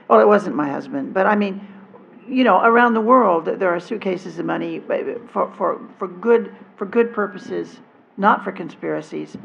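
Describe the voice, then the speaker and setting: A woman speaking as a panelist on deception, halting and restarting her phrases and trailing off softly. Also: on the low side, vocal fry, slight background noise. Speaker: panelist, former intelligence officer. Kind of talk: panel discussion answer. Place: convention panel room. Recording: dull convention panel audio.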